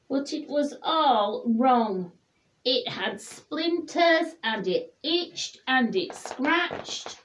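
A woman reads a picture book aloud to children in a gentle storybook voice. Her pitch sits high and rises and falls widely. She takes her time over every line. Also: very animated, takes it slowly.

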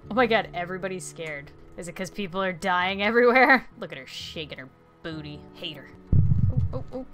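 A woman hosting a let's play, commenting in an excitable, exclamatory way and playfully threatening the game character. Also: lowish voice, fairly quick, over music. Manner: excitable and exclamatory, openly frustrated. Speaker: gaming video host.

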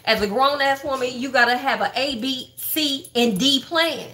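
A woman's voice: high-pitched, normal speed, pushed and bright. A woman hosting a livestream, gossiping bluntly and profanely about online drama straight to her viewers. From Texas. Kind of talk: casual livestream commentary.

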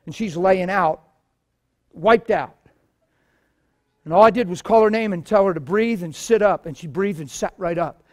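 A man preaching a sermon and telling stories, swinging from low murmurs to loud shouts. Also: normal speed, pauses often. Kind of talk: sermon with testimonies.

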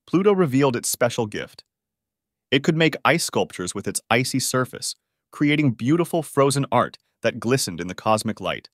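A man reading a children's story aloud, with lively storybook emphasis and pitch that lifts on key words. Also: dry recording, studio quality. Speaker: narrator. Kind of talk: scripted children's story narration.

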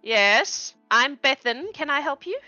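A woman voicing a brisk, hospitable human fisherwoman of a small fantasy village. She bustles and fusses over her guests. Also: high voice, very animated, sharp tone, no echo, highs cut off, faint music behind, pitched above the performer's own voice, heavily acted. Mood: welcoming. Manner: fussy, hurried, welcoming.

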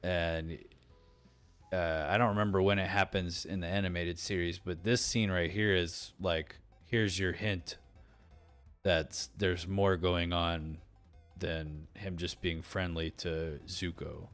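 Low-voiced man rambling casually. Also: steady tone, takes it slowly, a bit bright, faint music behind. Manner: rambling, filler-heavy, many restarts. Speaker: podcast host. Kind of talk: casual chat. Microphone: desktop mic through streaming software.

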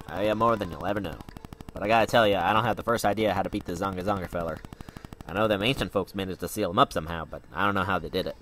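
Earnest southern cowboy, homespun drawl, a bit low, as a man voices him. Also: fast, fairly bright tone, a little hiss or hum. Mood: folksy. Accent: Southern US drawl put on. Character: folksy middle-aged cowboy man, earnest. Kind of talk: fan voice-over of a game.

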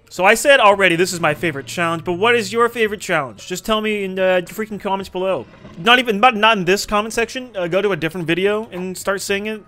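Gaming creator, man, high bright voice, cursing and laughing through his run, faint game music underneath. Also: fast talker. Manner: swears freely, laughs often, talks to viewers. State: recently woken up. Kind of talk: casual gameplay commentary.

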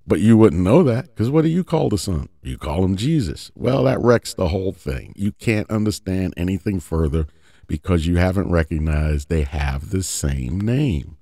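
A man with a low, dark voice teaching scripture in an informal, emphatic way. He asks rhetorical questions and often repeats and restarts words. The sound is dry and close. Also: dry recording. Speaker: Bible teacher.

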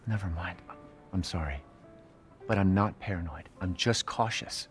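An actor playing a cautious young father who gently reassures his baby daughter. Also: low-pitched, normal speed, lightly acted. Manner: gentle, reassuring, slightly defensive. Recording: music in the background.

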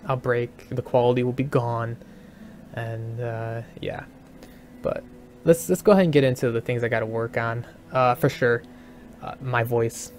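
A man giving a casual channel update as a gaming video maker, hesitant and repeating himself, calling his own voice monotone. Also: medium pitch. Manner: hesitant, repeats words, says he sounds monotone. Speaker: gaming YouTuber.

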